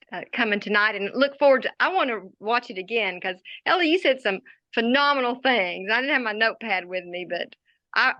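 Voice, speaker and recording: A woman co-hosting a live video-call show, gushing warmly and laughing often. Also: on the high side, dull audio. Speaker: co-host. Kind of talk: casual Zoom talk show chat.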